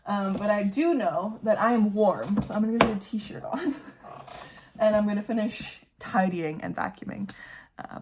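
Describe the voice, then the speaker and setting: Young woman author-vlogger, casual chatty camera talk at home, self-mocking. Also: mid-range voice. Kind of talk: casual vlog chat. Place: her apartment, indoors.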